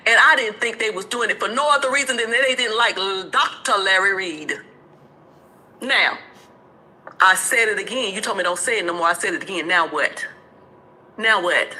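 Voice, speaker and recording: A woman's voice: medium pitch, moderate pace, pauses often, bright, forceful tone, poor audio. A woman on a live stream, confrontational and repetitive as she calls people out.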